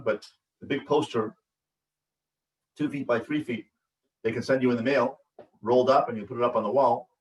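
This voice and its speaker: A man, a rabbi, giving a parenting lecture in an emphatic, repetitive way that keeps checking in with his listeners. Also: mid-range voice. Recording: echoey room, voice from a distance.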